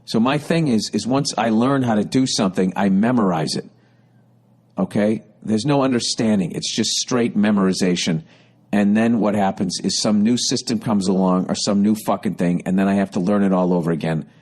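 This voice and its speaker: A man's voice: fairly low pitch, moderate pace, darkish tone. A middle-aged man hosting a podcast, telling a profane, rambling comic story with exasperated rants. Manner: rambling, exasperated, heavy swearing, ranting with rising intensity. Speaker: podcast host.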